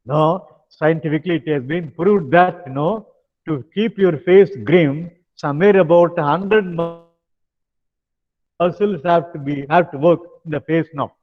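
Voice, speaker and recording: An older man with a Tamil accent leading a stress management lecture, tagging phrases with "now" and pausing on hesitant fillers. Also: a little high, faint music behind. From India. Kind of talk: lecture with guided exercises. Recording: dull sound with long hall reverb.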